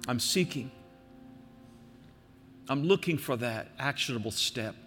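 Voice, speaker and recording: A man's voice: mid-range voice, animated, faint music behind. Older man pastor preaching in a reverberant hall. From American Midwest. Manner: earnest, exhorting, slows and softens for emphasis. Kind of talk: sermon.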